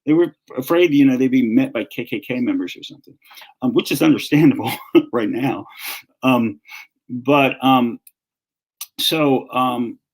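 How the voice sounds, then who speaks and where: A man's voice: medium pitch, measured pace, long pauses, low-quality recording. A man in his fifties or older with a Southern American accent, a guest author telling his story in a casual, rambling interview with many restarts. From North Carolina.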